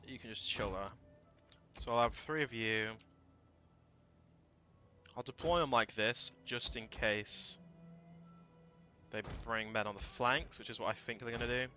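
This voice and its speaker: A man narrates his strategy game session in a casual think-aloud style, with a bright, forceful tone at a middle pitch. He curses and bursts out loud when things go wrong. Faint game music plays beneath him. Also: a little slow, pauses often. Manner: thinks aloud, swears and shouts when frustrated. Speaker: let's play gamer. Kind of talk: casual gameplay commentary.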